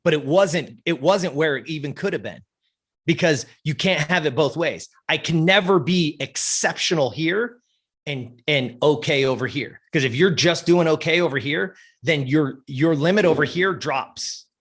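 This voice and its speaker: Husky, blunt, swearing motivational man. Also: a little high, moderate pace, fairly bright tone. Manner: blunt, intense, swears often. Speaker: podcast guest. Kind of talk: profane motivational talk.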